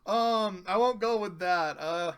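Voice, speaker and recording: Rambling commentator, bright tone, casual recap, swears a lot, laughs often. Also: medium pitch, lively intonation, a little slow.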